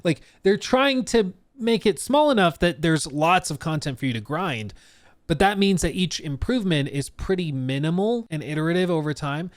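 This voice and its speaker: A man's voice: on the high side, lively intonation, moderate pace, no room sound. Chatty man reacting to a video. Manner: talkative, rambling with restarts and fillers. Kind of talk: casual reaction commentary.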